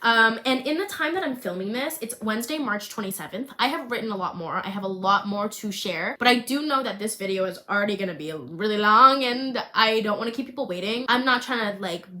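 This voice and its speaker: A woman's voice: medium pitch, a little fast, hardly any pauses. A young woman chatting casually about the story she is writing and reading from it with strong feeling. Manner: emotional, expressive, swings between hushed reading and excited chatter. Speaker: creator reading her screenplay draft. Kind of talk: casual chat and dramatic reading.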